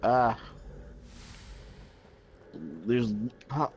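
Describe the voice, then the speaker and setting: A man's voice: mid-range voice, steady tone, very slow, muffled recording, a little hiss or hum. A man streaming a game, chatting casually and telling goofy, joking stories. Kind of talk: casual gaming stream chat.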